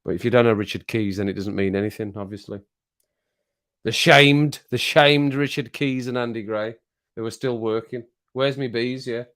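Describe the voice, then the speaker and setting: A man's voice: medium pitch, moderate pace, fairly bright tone, clean tone. A middle-aged man hosting a casual live stream, teasing viewers, laughing often and repeating his phrases as he reads the chat. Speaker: livestream host reading chat.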